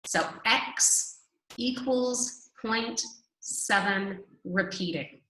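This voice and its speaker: A woman teaching a recorded math lesson, slow and reassuring, drawing out repetitions and walking students through the steps. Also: medium pitch, fairly bright tone, reverberant, rough recording.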